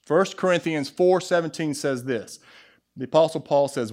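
A man with a Southern US accent preaching a sermon to his church, lively, with asides and jokes to the congregation. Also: on the high side, normal speed. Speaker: pastor. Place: church sanctuary.

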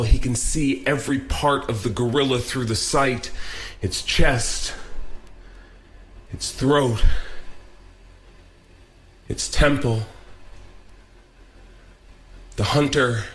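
A man's voice: mid-range voice, a bit bright. Intense male spoken word poet. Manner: rising, intense declamation that builds toward near-singing. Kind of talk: spoken word poetry performance.

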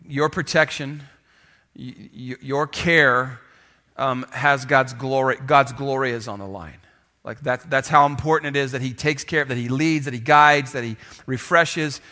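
A man with a bright, forceful voice preaches a sermon in a loose, chatty way. He stumbles and restarts, and keeps inviting the congregation to say lines back to him. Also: medium pitch. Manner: conversational with restarts, asks the congregation to repeat lines. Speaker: pastor. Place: church sanctuary with live congregation.

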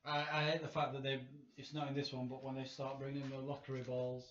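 A man with a Yorkshire accent co-hosting a podcast in a quiet, low-key, mild way. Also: completely flat delivery, fast talker, slight background noise. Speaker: podcast co-host. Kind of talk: casual chat. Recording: echoey room, dull lo-fi sound.

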